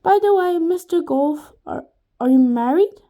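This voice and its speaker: A woman voicing a giggly, flirty woman teacher with a chirpy, bright way of talking in a storybook reading. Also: very high voice, animated, a little slow, voice pushed up, exaggerated voice.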